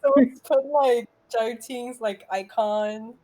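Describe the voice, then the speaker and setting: A woman's voice: a little high, fairly even intonation, slow pace, warm tone, rough recording. A woman chatting and giggling between turns in a tabletop game. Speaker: player.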